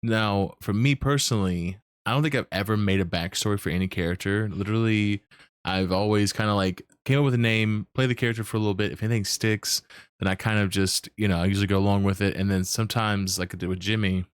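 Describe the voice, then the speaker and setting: A man with a lowish voice hosts a laid-back chat, rambling and restarting his sentences as he looks for the right word. The sound is dry and close, with little room around it. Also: fairly even intonation, fast talker, smooth, no echo. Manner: rambling, searches for words, many restarts. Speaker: podcast host. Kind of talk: casual interview chat.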